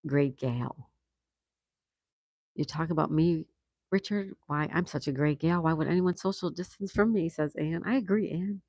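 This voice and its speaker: Gravelly-voiced man reading chat. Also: fairly high pitch, normal speed, a little mellow, dry recording. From United States. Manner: reads viewer comments aloud and reacts, laughs often. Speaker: livestream host reading chat. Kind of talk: casual live chat.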